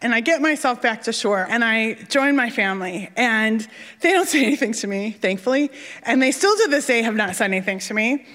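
A woman telling a funny personal story on stage, animated and self-mocking, acting out the voices of the people in it. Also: a little high, a little fast, in a large hall.

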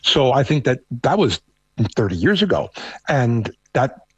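A middle-aged man with a thick New York accent and a husky, slightly rough voice. He talks conversationally, often restarting his sentences. The recording is dry and close. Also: medium pitch, big pitch swings, a little slow, no echo, lo-fi sound. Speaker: guest, American living in Canada. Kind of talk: casual discussion.

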